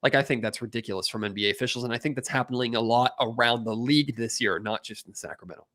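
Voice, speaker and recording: An animated man on a sports talk broadcast, ranting with real emphasis. His voice is bright and forceful, and he gets heated as he argues his case. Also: mid-range voice, fast. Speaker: sports anchor guest. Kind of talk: sports radio discussion.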